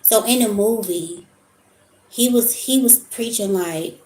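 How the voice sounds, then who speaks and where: A woman's voice: mid-range voice, a little slow, darkish tone, a little hiss or hum. A woman vlogger talking casually about spiritual topics in a rambling, storytelling way. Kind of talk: casual monologue. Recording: echoey room.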